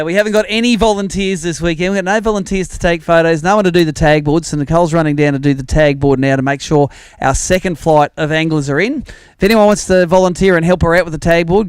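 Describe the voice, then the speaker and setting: A man's voice: a little high, smooth, no room sound, studio quality. An Australian man emceeing a fishing tournament weigh-in outdoors, upbeat and chatty, bantering with the anglers. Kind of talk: live announcing and banter.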